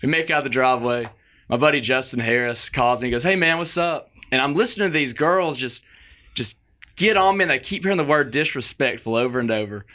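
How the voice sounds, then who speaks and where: A man's voice: medium pitch, lively intonation, fast talker, pushed and bright. Laughing man telling a rambling story. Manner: rambling, laughing, acts out quotes. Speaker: podcast guest, touring musician. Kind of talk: casual storytelling. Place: podcast studio.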